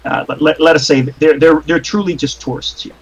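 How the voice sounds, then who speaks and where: A man's voice: fairly high pitch, steady tone, a little fast, muffled recording, a crowd in the background. A man narrating as game master of a tabletop game over a voice call, rambling with many fillers and restarts.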